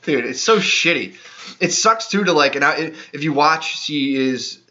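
A man rambles through crude podcast banter, swearing freely and breaking into laughs. His voice is bright and sharp-edged. It comes through a dull, lo-fi laptop recording. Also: a little high, expressive, a little slow. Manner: rambling, profane, laughs often. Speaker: podcast co-host. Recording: lo-fi laptop mic.

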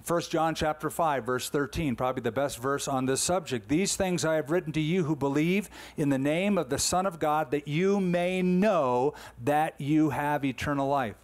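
A man's voice: on the high side, normal speed, few pauses. Emphatic man preaching a sermon. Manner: emphatic, conversational preaching with rhetorical questions. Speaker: pastor.

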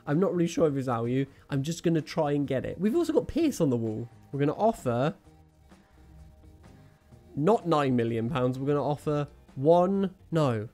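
An excitable man calls his own football game as he plays it, his voice leaping up and down all the time. He cracks jokes and chats to his viewers with faint music behind him. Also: fairly high pitch, normal speed. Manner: excitable, jokey, talks to viewers and himself. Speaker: gaming channel host. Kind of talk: live video game commentary.

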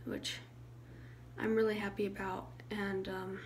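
A young woman talking to her viewers in a soft, halting way, sometimes dropping into a hushed, whispery voice. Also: medium pitch, little pitch movement, a little hiss or hum, rough recording. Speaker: YouTuber. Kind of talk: emotional vlog talk to viewers.

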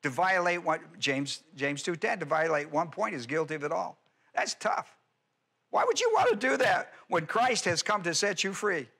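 A man's voice: high voice, sing-song, normal speed, sharp tone, slightly rough. A male pastor giving an expository Bible teaching sermon, stressing points with rhetorical questions and explaining Greek grammar.

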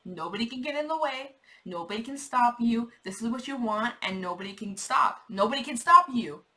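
A woman's voice: on the high side, normal speed, a bit bright, poor audio. A young woman giving a casual, rambling tarot reading, repeating herself, swearing and laughing. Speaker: tarot reader.

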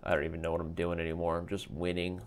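A man hosting a live chess stream and calling his own games as he plays them. His voice runs a little low, and he keeps up a loose, joking patter throughout. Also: completely flat delivery, fast. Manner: joking, playful banter. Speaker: chess stream host and commentator.

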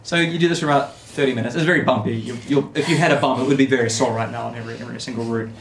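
A man narrates a tabletop game as its game master, easing through scenes with plenty of ums. His voice has a gravelly edge. The room around him echoes. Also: mid-range voice, rapid-fire, a crowd in the background. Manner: relaxed descriptive narration with fillers.

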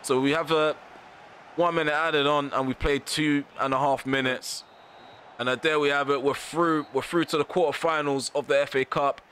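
A man's voice: a little high, steady tone, normal speed, a bit bright, a little hiss or hum. A man commentating live over his football video game, ranting in frustration and repeating himself in slangy phrases. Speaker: gaming YouTuber.

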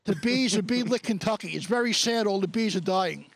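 A man's voice: high voice, fairly quick, creaky, no echo, low-quality recording. A man doing a comic weather report from a cold city street, stumbling and flustered over an earpiece. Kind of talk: comic live field report. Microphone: handheld mic with an earpiece.

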